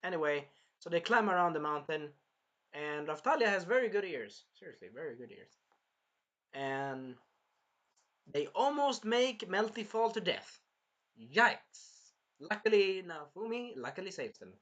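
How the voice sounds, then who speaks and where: A man recapping an anime episode in an excitable, rambling way, jumping between plot points. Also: sits high, a little slow, highs cut off. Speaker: anime reviewer.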